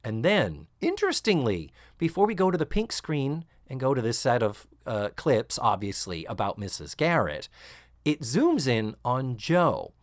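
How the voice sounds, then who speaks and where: Animated, sarcastic male podcast host. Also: mid-range voice, a little slow, no echo, clean studio sound. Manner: animated, sarcastic, acts out quotes with rising shrieks. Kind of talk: casual episode recap.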